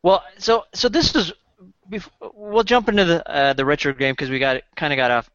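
A man's voice: a little high, steady tone, moderate pace, a bit bright, smooth, dry recording, lo-fi sound. A man hosting a casual podcast chat, hesitant and often repeating words. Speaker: podcast host.

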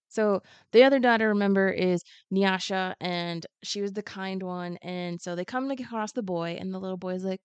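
A woman guest on a podcast, chatting casually and retelling a story in an animated, joking way. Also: medium pitch, moderate pace, few pauses, clear, resonant tone, no room sound, muffled recording.

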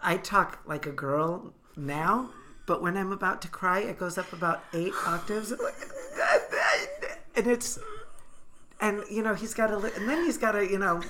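A woman's voice: medium pitch, moderate pace, bright, forceful tone, a little hiss or hum. A woman co-hosting a podcast, chatting expressively and self-deprecatingly, often laughing at herself. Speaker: podcast co-host. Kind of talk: casual chat.

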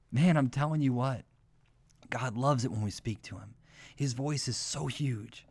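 A man's voice: mid-range voice, slow, a little mellow, breathy edge. A man hosting a devotional podcast, talking earnestly in a loose, repetitive preaching style and often saying "man". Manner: earnest, repeats himself, says "man" often. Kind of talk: informal spoken devotional.

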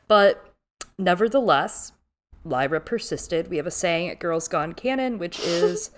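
A woman co-hosting a podcast recaps a series in a casual, animated way. Her voice sits a little low. She keeps breaking into playful impressions of the characters as she talks. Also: a little slow. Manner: animated, acts out characters' lines in big voices. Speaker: podcast co-host. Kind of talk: casual chat, recapping a TV show.

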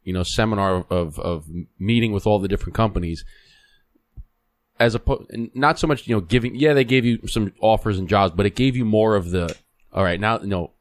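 A man's voice: on the low side, fairly quick, no room sound. A man hosting a podcast, affirming his guest and rambling through restarts in casual chat. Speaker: podcast host. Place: podcast studio.

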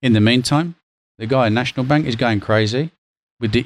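A man, a former bond trader, guesting on an interview and telling stories in a casual, lively way. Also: medium pitch, brisk. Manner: lively, acts out quotes, laughs while telling. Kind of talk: casual anecdotal storytelling.

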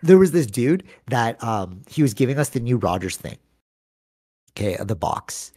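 A man's voice: mid-range voice, big pitch swings, normal speed, warm tone, husky. A man in his thirties hosting a casual podcast chat, talking with lots of energy and many "like"s and "you know"s. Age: 30s. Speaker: podcast host.

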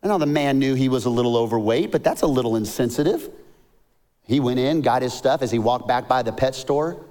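A man, a pastor preaching a sermon in a lively, story-telling way. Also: brisk. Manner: animated, rises to high emphatic peaks, tells jokes and stories. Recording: long hall reverb.

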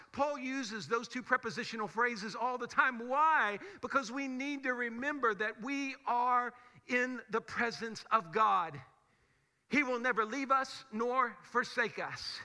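A man's voice: extremely high pitch, unhurried, bright, forceful tone. A male pastor with a raised, ringing voice preaches to his congregation. He talks conversationally but presses his points with rhetorical questions. His words carry the long echo of a large church sanctuary. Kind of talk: sermon. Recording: long hall reverb of a church.

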